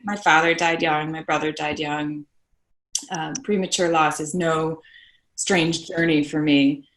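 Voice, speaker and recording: Woman guest, lowish voice, earnest storyteller, roomy recording. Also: level tone, unhurried, a bit bright, slight background noise. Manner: earnest, tags points with "right?". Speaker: podcast guest. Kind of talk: emotional personal storytelling. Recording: roomy echo.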